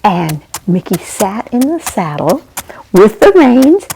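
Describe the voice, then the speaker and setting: A woman's voice: mid-range voice, big pitch swings, takes it slowly, dark tone, a little hiss or hum, low-quality recording. A woman narrating a children's story in a chatty way, often turning to ask her listeners questions. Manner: chatty, addresses listeners directly.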